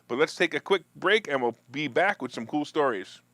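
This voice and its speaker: This stock market show host speaks at a moderate pace with lively intonation and a fairly bright tone, with no room echo. Running a live talk show on finance and politics, he banters with viewers, cracks jokes, and keeps restarting or drifting into asides. He imitates opponents in a whiny high voice to mock them.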